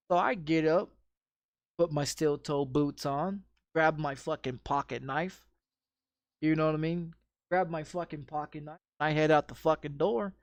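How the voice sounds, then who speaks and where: A man's voice: fairly high pitch, clear, resonant tone, no echo. A man telling a rambling story in casual chat, swearing often and repeating himself with frequent restarts. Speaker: streamer.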